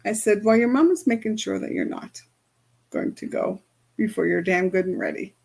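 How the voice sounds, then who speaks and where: A woman's voice: mid-range voice, moderate pace, creaky, darkish tone, breathy edge. A woman who works as an energy healer, giving a casual spoken lesson on chakras and telling a story from her practice, with many fillers.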